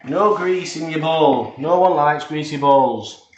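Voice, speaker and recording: A man's voice: on the high side, takes it slowly. A man hosting a live cooking stream, chatting to viewers in a rambling, jokey way and often repeating himself. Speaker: cooking livestream host. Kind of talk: casual live cooking chat. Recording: echoey room, voice far from the mic, faint noise.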